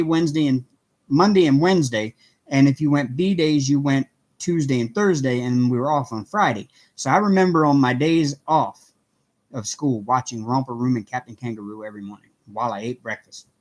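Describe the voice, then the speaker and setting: A man's voice: mid-range voice, a little fast, darkish tone. A middle-aged man hosting a casual craft livestream from home, chatting with viewers, greeting them by name and laughing often. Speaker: livestream host.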